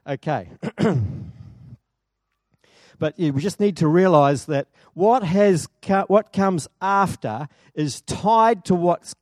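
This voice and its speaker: A man's voice: sits high, darkish tone, dry recording, studio quality. Chatty, enthusiastic male preacher. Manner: chatty, enthusiastic, asks the congregation questions. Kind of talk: sermon. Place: church.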